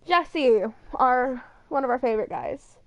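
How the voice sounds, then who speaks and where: Young female streamer, high voice, chatty and rambling, swears freely, dry recording. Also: lively intonation, unhurried, no room sound. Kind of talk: casual chat over a model viewer.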